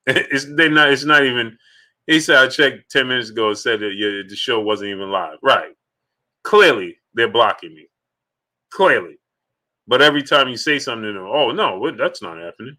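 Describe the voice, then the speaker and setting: A man's voice: medium pitch, moderate pace, sharp tone. A man hosting a live sports stream in a casual, emphatic way, repeating his points and greeting viewers in the chat one by one.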